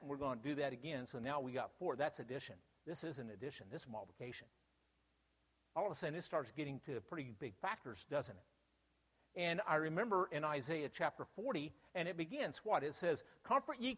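A man's voice: on the high side, a bit bright, breathy edge, big-room sound. A man preaching a sermon, emphatic and full of rhetorical questions.

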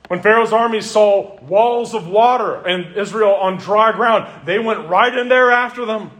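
A man's voice: high voice, a bit bright. A man, a pastor, preaching an earnest expository sermon that builds through emphatic repeated lists.

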